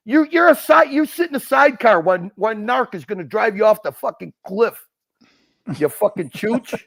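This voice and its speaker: A man's voice: sits high, expressive, a little slow, vocal fry. A man hosting a livestream, ranting and hurling insults in profane, mocking chat. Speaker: livestream host.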